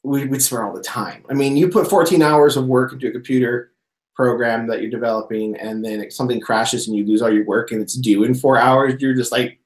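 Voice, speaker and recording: In an echoey room, a medium-pitched male co-host talks briskly on a casual podcast. His stories come packed with laughter and acted-out quotes.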